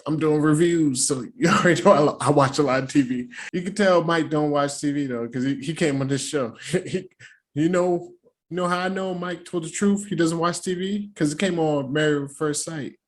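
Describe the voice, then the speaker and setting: A man's voice: fairly high pitch, normal speed. Slangy, laughing male reaction host. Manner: slangy and animated, with frequent laughs and playful quoted impressions. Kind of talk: casual profane recap commentary.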